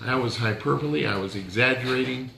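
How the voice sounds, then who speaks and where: A man's voice: mid-range voice, a little fast, gravelly, sharp tone, reverberant, slight background noise. A male pastor giving a conversational sermon, joking and challenging his listeners directly.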